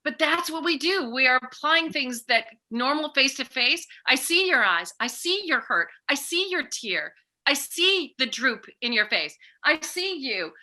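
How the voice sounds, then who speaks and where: A middle-aged woman chatting as a podcast guest, with a very bright, ringing voice pitched a little high. She talks animatedly and slips into acted-out snippets of conversation. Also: unhurried. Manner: animated, acts out remembered dialogue. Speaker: guest, author and peace educator.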